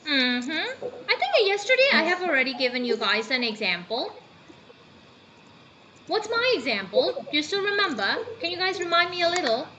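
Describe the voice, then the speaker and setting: Over a video call, a woman from Myanmar with a Burmese accent teaches an online English class, coaxing and encouraging her students. Her voice is high-pitched and sing-song at a moderate pace, and the call audio is muffled with background noise.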